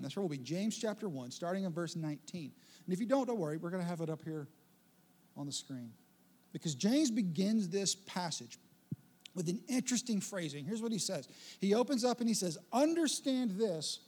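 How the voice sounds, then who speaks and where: Husky high-voiced preacher, animated. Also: male voice. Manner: animated preaching with playful asides and acted-out quotes. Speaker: pastor. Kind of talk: sermon.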